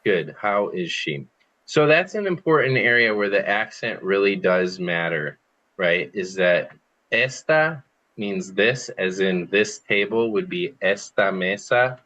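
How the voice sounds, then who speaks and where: Slow, low-voiced man teaching a class. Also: expressive, fairly bright tone, poor audio. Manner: patient, explanatory, repeats phrases for students to copy. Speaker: Spanish teacher. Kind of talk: online group language lesson.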